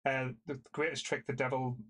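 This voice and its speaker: Halting man, film chat. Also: medium pitch, flat delivery, a loud crowd. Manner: halting, full of fillers and restarts. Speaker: podcast co-host. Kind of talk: casual film review chat.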